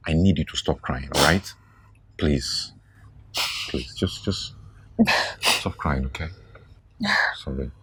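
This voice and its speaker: A man's voice: very deep voice, slow, pauses often, fairly bright tone, husky, heavily acted. An actor with a Nigerian accent playing a caring young man who pleads with and soothes a friend, repeating his words. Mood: soothing.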